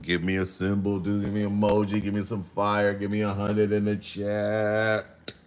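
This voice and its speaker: A man hosting his own livestream, rambling to his chat in a slow, drawn-out way with sudden animated jumps. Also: on the low side, clean tone. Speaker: rapper hosting a livestream show.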